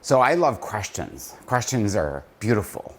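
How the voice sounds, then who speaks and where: Male founder vlogging a motivational talk: slow-paced, expressive pitch, out of breath at times. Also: husky. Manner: coaching slow push-ups, counting aloud, laughing often; reflective, drops low and soft to make points. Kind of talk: casual motivational vlog talk.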